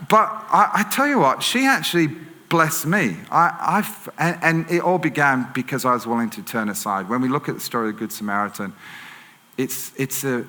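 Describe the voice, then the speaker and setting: A man's voice: mid-range voice, pushed and bright. A man with an English accent preaching a sermon in a chatty storytelling way, full of fillers and self-corrections. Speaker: pastor. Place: church auditorium. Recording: long church hall reverb.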